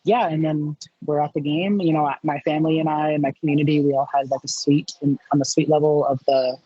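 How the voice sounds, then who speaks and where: A man chats as a podcast guest, his voice husky and a little breathy. He tells his story eagerly, acting out his own reactions with lots of fillers. The sound is slightly dull and very dry. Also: a little high, a little fast, dry recording. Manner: animated, acts out his own past reactions in quotes; chatty with many fillers and restarts. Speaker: interview guest. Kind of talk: casual storytelling interview.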